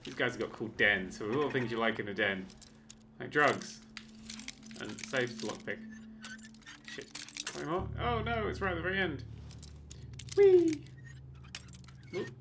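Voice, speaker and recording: A man casually commentating on his own gameplay, chatty and excitable, with sudden yelps and mock-boastful asides. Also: mid-range voice, normal speed, gravelly, background noise. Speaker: let's play host.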